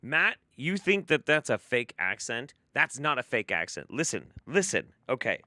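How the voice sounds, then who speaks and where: A man's voice: medium pitch, very animated, moderate pace, sharp tone, no echo. A man hosting a live stream, reacting to a video with sarcastic, profane, mocking commentary.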